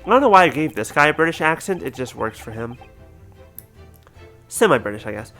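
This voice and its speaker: A man streaming a video game, throwing in joking, offhand asides between lines. His voice sits a bit high, with faint game music playing beneath it. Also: very animated, a little fast, long pauses, pushed and bright. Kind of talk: casual gameplay commentary.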